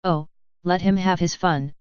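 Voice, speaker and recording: Woman reading as a playful male chaos creature, teasing father, very clear voice, dry and slightly muffled storybook reading. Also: fairly low pitch, fairly even intonation, a little slow, darkish tone, no echo, natural voice.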